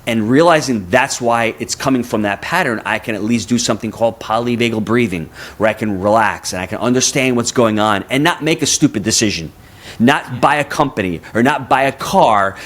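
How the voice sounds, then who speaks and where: A man's voice: medium pitch, fairly quick, a bit bright. A man in his fifties, a guest on a podcast interview, talking energetically and often repeating words as he builds a point. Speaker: guest, real estate investor.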